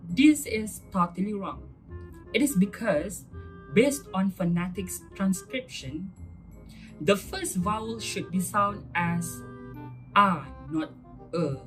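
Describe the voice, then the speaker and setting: A woman's voice: mid-range voice, animated, soft background music, rough recording. A young woman presenting a scripted pronunciation lesson, patiently contrasting the right and wrong vowel sounds. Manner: slow, explanatory, contrasts sounds. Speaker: student presenter.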